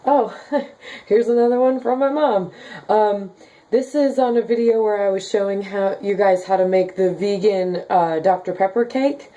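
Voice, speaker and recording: A woman's voice: mid-range voice, unhurried, dark tone, lo-fi sound. Chatty young woman, faint Southern twang. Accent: slight Southern with Midwestern base. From Kansas. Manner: chatty, many "like" and "um" fillers, giggly. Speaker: vlogger reading viewer comments. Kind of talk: casual chat.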